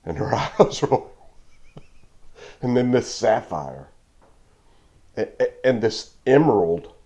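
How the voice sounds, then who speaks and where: A man's voice: medium pitch, sing-song, slow, pauses often, dark tone. A man giving a devotional talk, telling a parable with emphatic repeats and laughs. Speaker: Christian video preacher.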